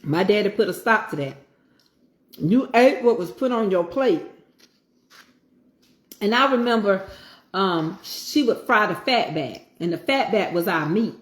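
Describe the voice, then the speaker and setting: A woman's voice: mid-range voice, animated, a little slow, long pauses, roomy sound. Folksy woman talking over a meal. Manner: folksy Southern talk, preachy asides. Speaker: home cooking vlogger. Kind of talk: casual chat while eating.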